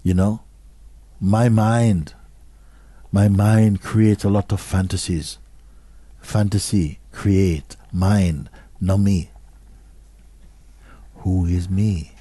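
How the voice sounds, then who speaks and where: A man giving a slow, measured satsang talk as a spiritual teacher, often dropping to soft, hushed phrases. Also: low-pitched, steady tone, no room sound.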